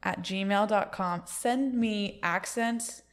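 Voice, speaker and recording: A woman's voice: mid-range voice, slow. A young woman co-hosting a podcast in casual chat, playful and giggly, trying out silly accents. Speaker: podcast co-host.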